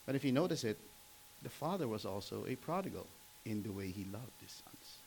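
Man in his 40s, pastor, chatty storytelling sermon, throat-clearing, addresses the congregation. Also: lowish voice, lively intonation, a little fast, a little mellow, a little hiss or hum, poor audio. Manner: conversational storytelling, asks the audience questions, often clears throat.

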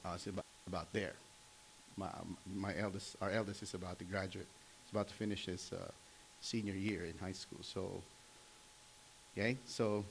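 Man in his 40s, pastor, chatty storytelling sermon, throat-clearing, addresses the congregation. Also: fairly low pitch, slight background noise, rough recording. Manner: conversational storytelling, asks the audience questions, often clears throat.

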